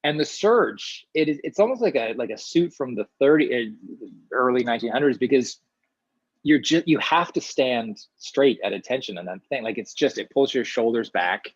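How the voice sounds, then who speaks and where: Man from small-town Ontario, actor guest, chatty and rambling, mid-pitched voice, dull dry lo-fi recording. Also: breathy edge, dry recording. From small-town Ontario, Canada. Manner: chatty, animated, many restarts, quick asides. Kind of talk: casual interview answers.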